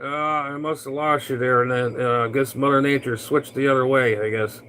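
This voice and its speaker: A man's voice: mid-range voice, fairly even intonation, normal speed, heavy background noise. A man, a CB radio operator from Florida, chatting casually on air in a folksy, rambling way with lots of fillers.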